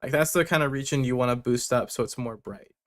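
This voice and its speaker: A man's voice: medium pitch, fast, a bit bright. A young man hosting a livestream, bluntly reviewing submitted tracks with casual joking and swearing. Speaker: music producer giving feedback on submissions.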